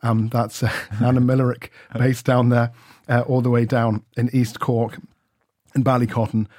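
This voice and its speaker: A man's voice: mid-range voice, level tone, moderate pace, a little mellow, dry recording. Chatty enthusiastic man in dry studio. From Ireland. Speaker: radio reporter. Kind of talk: casual radio chat.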